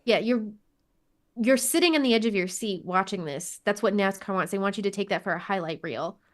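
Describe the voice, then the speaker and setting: A woman's voice: medium pitch, a little fast. A woman co-hosting a motorsport podcast over a remote call, talking casually and frankly, swearing and laughing often. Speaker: podcast co-host. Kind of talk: casual chat.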